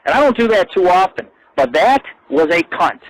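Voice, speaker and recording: A young adult man hosting an internet radio show, telling profane, rambling stories and ranting with loud outbursts. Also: big pitch swings, moderate pace, no echo, poor audio. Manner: crude, ranting, swings between low mutter and loud outburst. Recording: dry close-mic internet radio.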